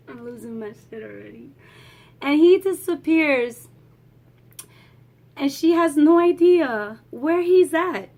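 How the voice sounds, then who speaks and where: A woman's voice: sits high, animated, slow pace, long pauses, darkish tone. A woman giving a casual, emotional movie review vlog, swearing freely and laughing as she talks.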